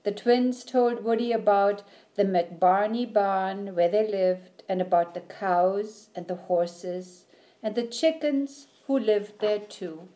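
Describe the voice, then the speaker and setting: Woman reading a kids storybook, slow and soft, dark mellow tone. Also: medium pitch. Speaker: narrator. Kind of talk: children's storybook read-aloud.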